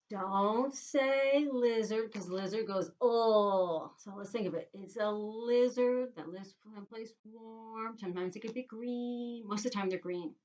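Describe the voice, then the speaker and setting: Animated New teacher sounding out letters. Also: female voice, medium pitch, dull audio. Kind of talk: teaching young children phonics. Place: inside a small tent.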